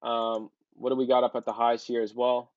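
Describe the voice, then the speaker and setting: A man's voice: medium pitch, flat delivery, moderate pace, no echo, muffled recording. A man casually talking viewers through trading charts in a loose, chatty way, with plenty of ums and filler words. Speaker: trading educator. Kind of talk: casual screen-share chart walkthrough.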